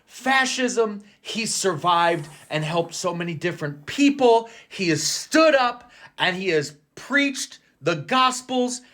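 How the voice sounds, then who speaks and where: A man rants through a comedic monologue. His pitch swings widely and his tone is bright and forceful. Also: slow, few pauses. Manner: animated, jumps in and out of mocking character voices.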